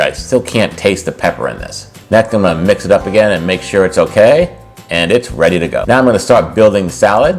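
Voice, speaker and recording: A man hosting a cooking video, casually explaining a recipe step by step and then tasting it. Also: low-pitched. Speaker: cooking channel host.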